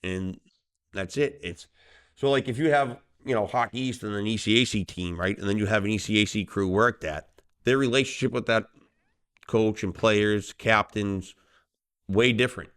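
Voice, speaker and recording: Animated man talking hockey refereeing. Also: lowish voice, moderate pace, smooth. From Boston. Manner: animated storyteller, acts out voices in quotes. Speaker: hockey referee and podcast co-host. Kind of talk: casual podcast chat.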